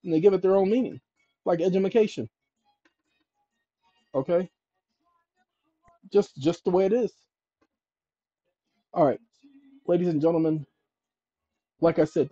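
Husky, mellow-voiced man giving legal pointers. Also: fairly high pitch, unhurried, pauses often, no echo, soft background music. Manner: emphatic, talks to viewers as "ladies and gentlemen", checks in with "okay?". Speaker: channel host giving legal advice. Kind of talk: instructional screen-share talk. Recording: dull lo-fi recording.

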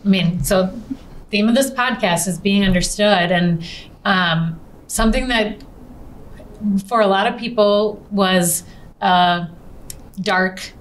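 A woman hosts a podcast in a casual interview chat, pausing and searching for her words as she thinks. Her voice sits at a medium pitch, with a faint noise in the background. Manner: thoughtful, hesitant, searching for words. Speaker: podcast host.

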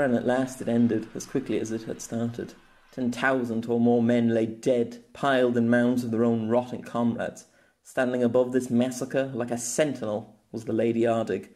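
A mellow, medium-pitched male voice reads aloud the fantasy novella he wrote himself. His audiobook delivery is dramatic storytelling complete with character voices.

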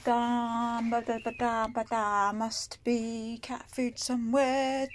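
A woman's voice: fairly high pitch, little pitch movement, slow, a little hiss or hum. A woman filming herself outdoors on a phone, chatting fondly and coaxingly to a cat. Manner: coaxing, fond pet talk. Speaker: vlogger feeding a feral cat. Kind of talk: casual chat to a pet.

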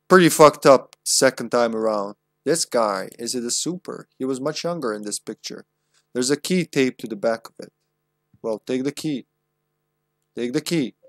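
A man's voice: medium pitch, no echo, studio quality. A young man streaming himself playing a video game, chatting casually, swearing freely and laughing often. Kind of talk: casual live-stream gameplay commentary.

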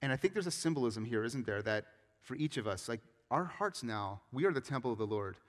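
A man preaching a sermon as a pastor, moving between loud emphatic scripture reading and quiet earnest appeals. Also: mid-range voice, animated, fairly quick. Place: church sanctuary. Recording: long reverb of a church hall.

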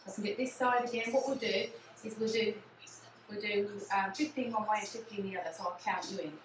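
With a steady tone and fast delivery, a woman with an English accent coaches a low impact cardio class, repeating encouraging cues like "again" and "yeah" and occasionally running short of breath. The background is noisy, with music, an echoey room and a distant mic.

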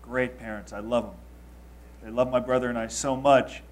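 A man in his thirties from Los Angeles, telling a confessional story to an audience. He swings between loud emphasis and quiet asides. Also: mid-range voice, steady tone, moderate pace, a little hiss or hum. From Los Angeles, United States. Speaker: speaker.

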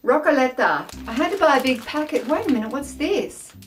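A woman's voice: high voice, very animated, a little fast, slight background noise. A woman with an Australian accent, hosting a casual taste-test vlog in a chatty, self-mocking, exclamatory way. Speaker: food taste-test vlogger.

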